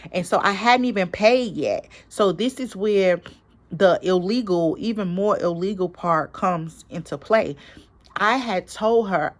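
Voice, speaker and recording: A woman vlogger and small business owner, a parent, retelling a story in a casual, emphatic, animated way with quoted dialogue. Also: lowish voice, unhurried. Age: adult parent.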